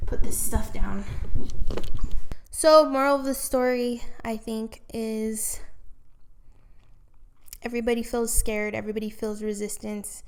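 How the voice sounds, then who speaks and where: A woman's voice: a little high, gravelly, slight background noise. A woman hosting a casual solo podcast about a book, chatting and thinking aloud with fillers, in a room at home with posters on the wall. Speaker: podcast host. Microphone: handheld microphone carried around.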